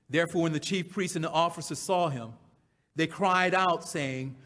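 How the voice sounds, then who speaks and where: Male preacher with a high-pitched voice, reading scripture and expounding it, alternating emphatic cries with hushed asides. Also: moderate pace. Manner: swings from loud emphatic cries to hushed near-whispers.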